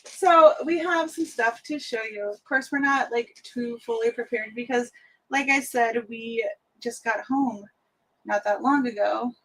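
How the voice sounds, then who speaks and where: A woman's voice: on the high side, unhurried, fairly bright tone, low-quality recording. A young woman hosting a casual craft livestream, chatty and giggly, jumping from topic to topic. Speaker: craft channel host.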